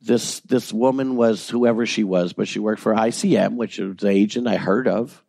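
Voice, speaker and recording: A man who works as a voice actor, telling animated, self-deprecating stories in a casual interview and swearing freely. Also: fairly low pitch, moderate pace, gravelly, no room sound. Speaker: voice actor guest.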